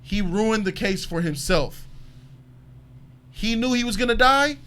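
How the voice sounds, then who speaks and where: A man hosting a casual panel talk show about a TV episode, talking in an emphatic, animated way. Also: sits high, unhurried, clean tone. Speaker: show host.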